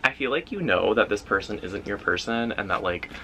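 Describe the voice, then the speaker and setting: A man's voice: on the low side, lively intonation, fairly quick, pushed and bright, a little hiss or hum, low-quality recording. A man giving a casual pick-a-card tarot reading, loose and intuitive, often filling his talk with "like". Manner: loose and intuitive, heavy use of "like" fillers. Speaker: tarot reader.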